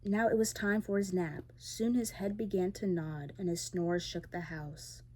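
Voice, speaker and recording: A woman reading a fairy tale aloud in a soft, gentle bedtime manner as a whispered role-play ASMR storyteller, close to the microphone. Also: fairly low pitch, steady tone, a little slow, slight background noise.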